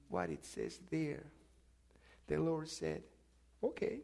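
A man preaching a sermon, moving from quiet reflection to loud, emphatic questions put to his congregation. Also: a little high, huge pitch swings, takes it slowly, creaky, pauses often.

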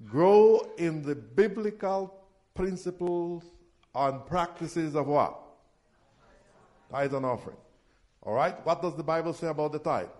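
Preacher man asking the congregation questions. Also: on the high side. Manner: call-and-response questions to the congregation; rises loud and emphatic on key words. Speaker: pastor. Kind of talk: sermon.

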